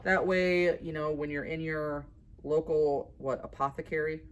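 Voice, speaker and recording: A woman's voice: deep voice, steady tone, unhurried. Chatty upbeat woman teaching drawing. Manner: chatty, upbeat, laughs at herself. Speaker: art instructor. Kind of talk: casual drawing tutorial.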